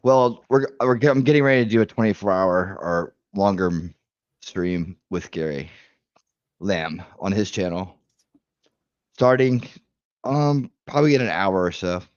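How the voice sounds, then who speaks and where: A man's voice: low-pitched, a little slow, dry recording, muffled recording. A man dropping in on a livestream, talking in a sleepy, laid-back way. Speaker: guest dropping in on the stream.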